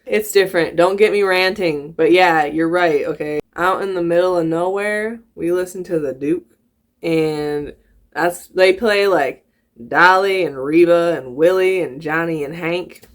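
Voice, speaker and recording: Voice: medium pitch, a little slow. Giggly rambling vlogger in a put-on country accent. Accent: put-on American country. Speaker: YouTuber. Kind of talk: casual reaction vlog.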